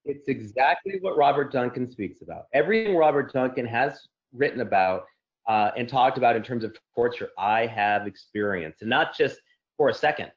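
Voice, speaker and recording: A man's voice: medium pitch, animated, normal speed. A man telling a long personal account as an interview guest, rambling with many fillers and restarts. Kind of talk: casual spoken account. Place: Santa Clara area. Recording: dull lo-fi audio.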